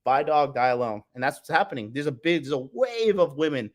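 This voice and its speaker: Brash foul-mouthed man, slightly high voice. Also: animated, fast talker. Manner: crude, profane, brash and mocking; talks to the audience as "bro". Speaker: livestream dating show host. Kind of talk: live-streamed commentary reading the chat.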